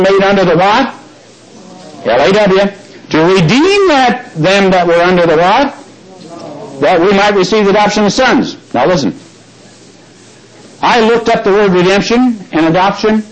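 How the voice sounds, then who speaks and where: A man preaching a Bible teaching sermon, stressing key words slowly and quizzing the congregation with questions. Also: fairly high pitch, poor audio.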